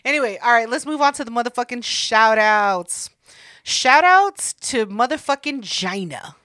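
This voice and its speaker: A woman's voice: fairly high pitch, expressive, moderate pace, pushed and bright, dry recording, clean studio sound. A young woman co-hosting a podcast, teasing and swearing as she retells stories in casual chat. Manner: profane, teasing, acts out quotes. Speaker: podcast co-host.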